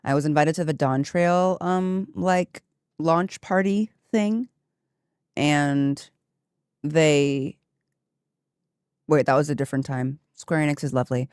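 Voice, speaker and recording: A woman streamer chatting casually with her viewers, telling a story with lively asides and laughter. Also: low voice, slow pace, pauses often, clear, resonant tone, dry recording, studio quality.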